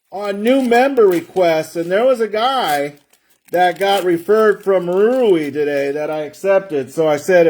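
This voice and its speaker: A man with a fairly high voice hosts a live card break stream. He chats in a loose, rambling way and stretches out each player's name as he reveals it. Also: a little mellow. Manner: chatty, rambling, drawls out player names while opening packs.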